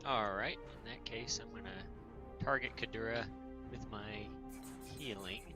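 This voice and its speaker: A man playing in a tabletop game, talking casually in an unhurried, slightly hesitant way. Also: on the low side, over music. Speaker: player.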